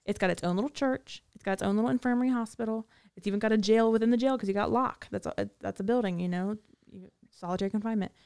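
Woman guest, vocal fry, rambling storyteller with lots of fillers. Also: mid-range voice, fast talker, darkish tone. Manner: rambling, many fillers and restarts. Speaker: guest recounting prison time. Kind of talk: casual storytelling.

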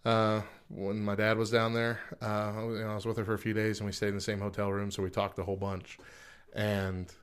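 A man's voice: on the low side, completely flat delivery, brisk, clean tone. A man co-hosting a casual podcast chat, playful and teasing, who laughs often and is from the southern United States. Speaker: podcast co-host.

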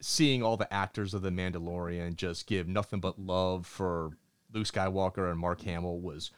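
A man with a low-pitched voice co-hosts a podcast in an eager, emphatic way, often restarting his sentences. His voice sounds dry and close, with no room sound around it. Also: steady tone, normal speed, clear, resonant tone, dry recording. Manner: enthusiastic, emphatic, with many restarts. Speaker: podcast co-host. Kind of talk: casual podcast chat.

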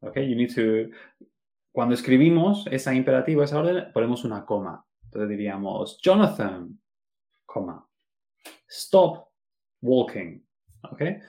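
Animated and warm, this mid-range male voice belongs to an English teacher giving a bilingual podcast lesson on grammar. He takes his time, alternating between Spanish and English as he explains.

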